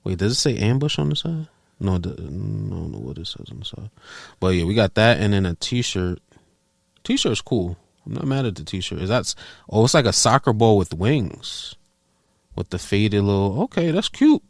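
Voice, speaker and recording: A man's voice: lowish voice, animated, normal speed, gravelly, dry recording, clean studio sound. A man from New York City with a New York accent, co-hosting a podcast in casual chat and acting out little quoted bits. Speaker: podcast co-host.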